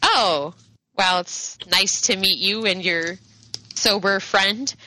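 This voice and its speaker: A woman's voice: medium pitch, slow, pushed and bright, slight background noise, rough recording. A woman voicing a tall, posh shopkeeper who is polite but not friendly in the slightest, in a tabletop game. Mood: prim. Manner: cool, prim politeness.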